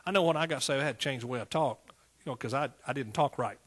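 A man's voice: mid-range voice, fast, fairly bright tone, husky. A middle-aged man with an East Texas accent preaching a sermon in a folksy, call-and-response manner. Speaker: pastor.

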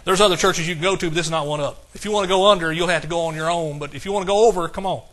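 A man delivers an exuberant church sermon. His voice sits slightly high and sounds bright and forceful. He bursts into shouts of praise and slows to a deliberate, emphatic pace when reading scripture. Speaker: pastor.

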